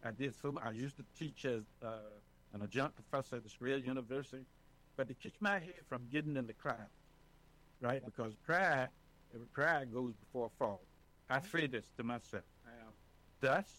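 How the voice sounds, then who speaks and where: Man, residents' advocate, casual interview, emphatic, excitable, average pitch. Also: moderate pace, rough recording. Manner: animated, emphatic, often checks in with "okay?". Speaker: senior residents' advocate, guest.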